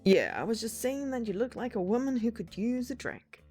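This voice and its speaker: A woman voicing a big, scary-looking but gentle old man, talking courteously in a put-on American accent. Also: a little high, lively intonation, moderate pace, soft background music.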